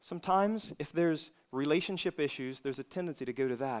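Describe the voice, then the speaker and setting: A male preacher giving an earnest sermon to young people, swinging between loud emphasis and quiet asides. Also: on the high side, a little fast, hardly any pauses.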